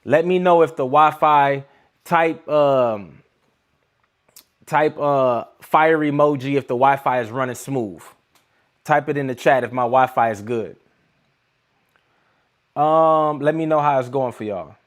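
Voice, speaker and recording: A man's voice: medium pitch, takes it slowly, long pauses. Hyped man livestreaming to his chat. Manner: hyped, talks straight to his chat viewers. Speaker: livestream trading host.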